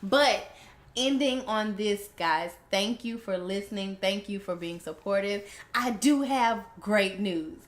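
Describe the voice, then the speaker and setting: A woman's voice: mid-range voice, slow pace. A young woman co-hosting a casual chat podcast, ranting emphatically and laughing freely. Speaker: podcast co-host. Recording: roomy echo.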